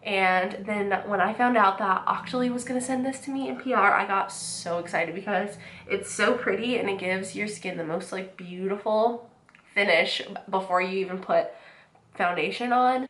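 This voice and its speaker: A woman's voice: medium pitch, fairly bright tone, echoey room. A young woman with a stuffy, nasal voice from a cold, chatting casually through a makeup tutorial with lots of restarts. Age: young adult. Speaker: beauty vlogger.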